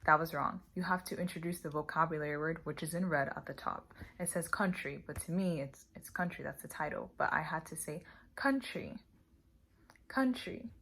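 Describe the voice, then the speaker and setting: A woman's voice: sits low, a bit bright. Chatty young woman giving teaching tips. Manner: chatty, demonstrates teacher phrases slowly and clearly. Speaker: online English teacher. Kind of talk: casual tutorial vlog.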